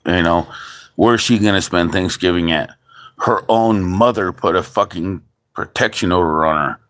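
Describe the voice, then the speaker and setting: Deep-voiced man ranting angrily, swearing constantly. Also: moderate pace, fairly bright tone. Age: adult father. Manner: heavily profane, ranting with restarts. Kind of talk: angry venting monologue.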